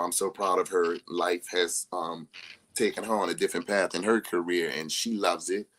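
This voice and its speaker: A man's voice: deep voice, normal speed. A young man, a guest on a casual live-stream chat, telling stories with bursts of laughter. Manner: animated storyteller who laughs often and acts out quoted people. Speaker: interview guest.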